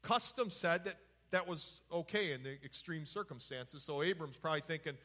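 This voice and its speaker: A man's voice: fairly high pitch, normal speed, sharp tone. A man teaching from the Bible in a folksy, conversational way, retelling scripture in everyday words.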